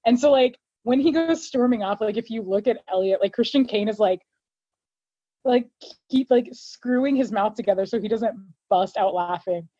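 A woman talks through a TV episode in casual podcast chat. Her voice sits a little high and she keeps dropping into the characters' lines. The recording is dry and a bit dull. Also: warm tone, dry recording. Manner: chatty, quotes characters in quick put-on voices. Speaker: podcast co-host.

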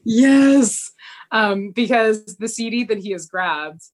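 Young woman on a podcast, super lively pitch, jumps into characters' voices while recapping an episode. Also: takes it slowly. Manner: animated, acts out characters' lines with big pitch jumps. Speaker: podcast co-host. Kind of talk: casual chat recapping a TV episode.

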